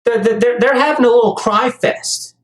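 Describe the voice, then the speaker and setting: Ranting monologue, heated commentator, stammering restarts, mid-pitched voice, echoey room. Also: steady tone, normal speed.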